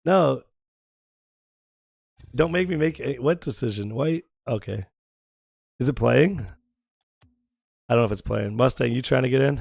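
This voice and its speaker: Gravelly American man streaming a car-soccer game. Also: no echo. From United States. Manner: joking, bantering, quick swings between loud excitement and low mumbling. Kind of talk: casual gaming chat with viewers.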